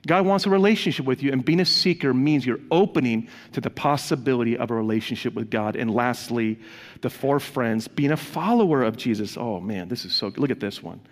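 A man's voice: medium pitch, fairly quick. A man preaching a sermon as a pastor, speaking earnestly and conversationally to his congregation. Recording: long reverb of a large hall.

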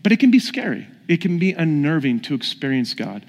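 A man's voice: a little high, sing-song, fairly quick. Man preaching in a reverberant hall. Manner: storytelling, questions the audience. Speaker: pastor. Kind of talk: sermon.

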